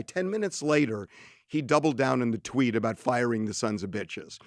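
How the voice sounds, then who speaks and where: A man in his sixties co-hosting a talk show, telling a story in an animated way and quoting others. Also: medium pitch, normal speed, no echo, studio quality. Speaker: co-host.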